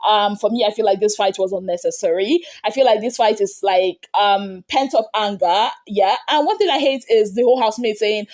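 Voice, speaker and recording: A woman hosting an entertainment gossip show, recapping reality TV fights in a casual, animated way. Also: brisk, hardly any pauses. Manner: animated retelling, acting out quotes with big pitch jumps.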